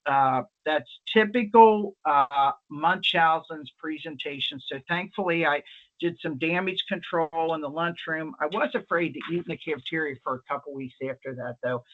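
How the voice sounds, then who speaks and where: A man's voice: fairly high pitch, normal speed. A man with a slightly raised voice tells a workplace story during an online presentation. He rambles and restarts often, and the call audio comes through dull and lo-fi. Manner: rambling, chatty, many fillers and restarts. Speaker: nurse presenter. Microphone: video call.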